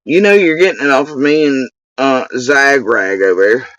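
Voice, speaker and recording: A man's voice: medium pitch, moderate pace, fairly bright tone, no echo. A man hosting his own channel, delivering an angry, profane rant full of accusations and insults aimed at one person. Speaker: channel host. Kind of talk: angry direct-to-camera rant. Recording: dull lo-fi dry recording.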